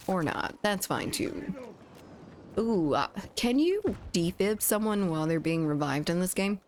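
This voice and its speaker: This young woman from the US has a fairly low, animated voice and takes her time speaking, with a little hiss or hum on her home studio condenser mic. She's livestreaming a game, chatting, laughing frequently and reading chat aloud.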